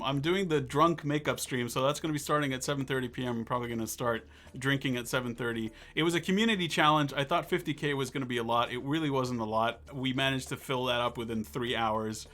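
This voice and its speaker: A man hosting a live-stream talk show, chatting casually in a rambling, excitable, jokey way. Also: medium pitch.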